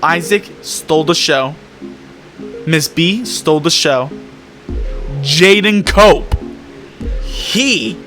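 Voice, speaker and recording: A man's voice: on the high side, pushed and bright. A man talking casually about his animation projects, rambling with plenty of fillers and restarts. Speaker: animation creator and vlogger. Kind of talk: casual vlog talk.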